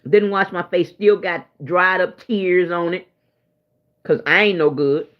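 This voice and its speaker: A woman's voice: fairly low pitch, a little slow. A woman hosting her own livestream, chatting to viewers in a rambling, emotional way after a sleepless night. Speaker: livestream host. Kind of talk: casual livestream chat. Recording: dull lo-fi stream audio.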